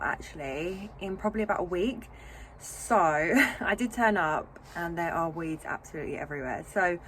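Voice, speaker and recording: A woman's voice: medium pitch, fairly bright tone. Chatty woman outdoors with noise. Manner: chatty, self-deprecating, many ums. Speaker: allotment vlogger. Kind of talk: casual chat to camera. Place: outdoor allotment plot. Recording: outdoor camera audio with noise.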